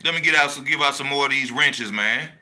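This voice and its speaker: Bright-voiced man hyping a fight. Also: mid-range voice, brisk. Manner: animated, slangy, repeats his points for emphasis. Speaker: boxing channel host. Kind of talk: casual boxing talk, reading live chat.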